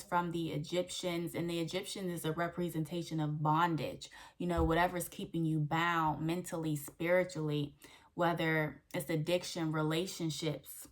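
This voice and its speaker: A woman's voice: sits low, flat delivery, moderate pace. A young woman hosting her faith channel, giving an earnest devotional teaching that repeats key phrases and checks in with "okay?". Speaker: faith coach and channel host.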